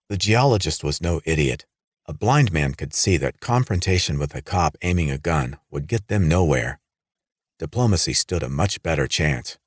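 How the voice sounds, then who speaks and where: A man narrating a horror audiobook in a steady, even read. His voice is deep and low. The recording is close and dry, with no room around it. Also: normal speed, dry recording.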